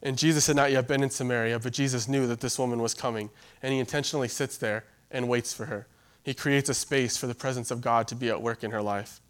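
A man preaching a sermon in a relaxed, conversational way, with fillers and asides to the congregation. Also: medium pitch, fast. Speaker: pastor.

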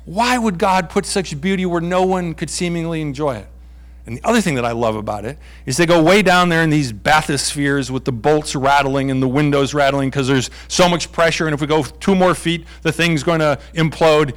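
A man delivering a sermon in a light, playful manner. His voice sits a little higher than most men's, and he slips into quick acted exchanges between characters. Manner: playful, acts out voices of God and Job. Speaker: preacher.

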